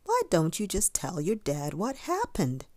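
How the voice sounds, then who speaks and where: A woman doing a gentle female rabbit. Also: fairly low pitch, huge pitch swings, a little slow, dry recording, heavily acted. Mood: kind. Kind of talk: storybook character voice.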